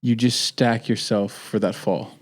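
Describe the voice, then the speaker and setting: A man co-hosting a casual faith podcast, earnest and quick to laugh while sharing his own stories. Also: fairly low pitch, fairly even intonation. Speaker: podcast co-host.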